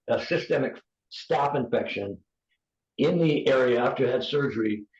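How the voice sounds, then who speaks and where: A man's voice: mid-range voice, a little mellow. A man from the United States in his fifties, a podcast guest giving an earnest, pleading personal testimony, often restarting his sentences. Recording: roomy, dull podcast audio.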